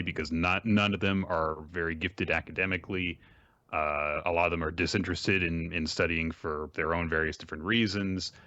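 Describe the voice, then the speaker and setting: A man hosting a podcast, summarizing a manga series in a rambling, measured way with lots of fillers. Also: low voice, bright, forceful tone, dry recording. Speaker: podcast host. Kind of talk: casual chat and series summary. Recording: dry, dull lo-fi mic.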